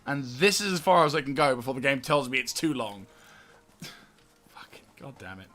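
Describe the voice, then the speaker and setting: A man's voice: medium pitch, animated, normal speed, sharp tone. A man giving casual gameplay commentary, giggly and exasperated, swearing often. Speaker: gaming video host.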